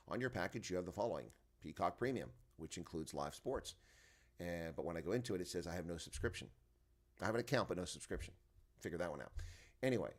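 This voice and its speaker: A man hosting an early-morning rugby live stream from home, rambling to his chat viewers and sounding tired and groggy at his desk microphone. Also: sits low. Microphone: desk microphone, volume turned up.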